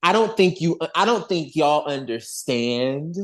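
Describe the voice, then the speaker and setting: A man co-hosting a podcast in an excited casual chat, gushing, swearing a lot and repeating himself. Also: a little high, unhurried. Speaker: podcast co-host.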